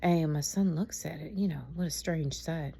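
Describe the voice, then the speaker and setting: A woman's voice: low-pitched, moderate pace, gravelly, warm tone, breathy edge. Tired woman rambling through a story. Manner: chatty, rambling, laughs at her own story. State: tired, speaking softly at night. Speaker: mother telling a story. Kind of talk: casual storytelling vlog.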